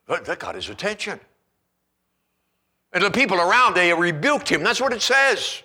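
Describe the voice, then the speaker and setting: A man pastor preaching a sermon in an animated storytelling manner, acting out scenes as he goes. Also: high voice, moderate pace, pauses often, breathy edge.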